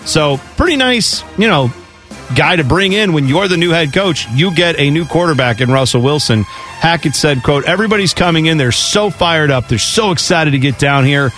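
A man's voice: fairly high pitch, expressive, normal speed, fairly bright tone, faint music behind. Opinionated male sports radio host. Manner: opinionated, chatty, slips into mocking voices for quotes. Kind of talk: casual sports radio chat. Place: radio studio.

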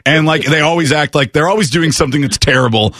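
A man hosting a sports radio show, easygoing and agreeable, smoothly plugging segments. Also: fairly high pitch, fast talker, a bit bright, no echo, studio quality. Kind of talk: casual sports talk.

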